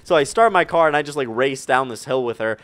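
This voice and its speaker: A young man vlogging a storytime rant, animated and profane, rambling with lots of fillers. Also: mid-range voice, fast talker. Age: young adult.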